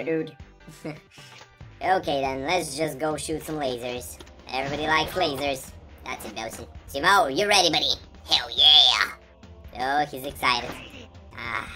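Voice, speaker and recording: A woman giving playful let's-play commentary, chatty and teasing as she talks to the characters on screen. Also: sits low. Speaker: gameplay commentator. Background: game music.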